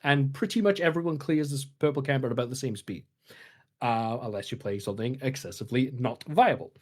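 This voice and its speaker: A man's voice: mid-range voice, brisk. A man co-hosting a gaming podcast, walking through game strategy in casual chat with frequent restarts and fillers. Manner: explains at length, many filler restarts. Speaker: podcast co-host.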